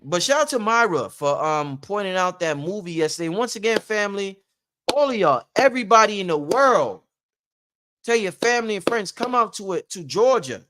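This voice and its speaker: A man's voice: high-pitched, animated, moderate pace, sharp tone. A man hosting a casual livestream who gives rambling, preachy motivational talk and repeats his points for emphasis. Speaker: livestream host.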